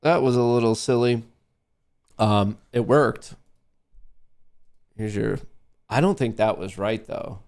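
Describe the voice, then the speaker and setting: A nasal-voiced man chats loosely through a live trading stream, joking and swearing as he goes. His voice carries a gravelly, fry-heavy edge. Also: on the low side, slow pace, pauses often, darkish tone. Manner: rambling, joking and profane. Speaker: livestream trading show host. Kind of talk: casual livestream chat while trading.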